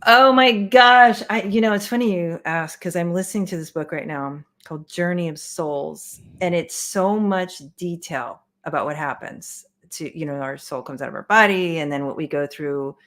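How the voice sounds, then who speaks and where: A woman who works as a therapist, a guest on a podcast, thinking aloud in a reflective way. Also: low-pitched. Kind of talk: casual conversation.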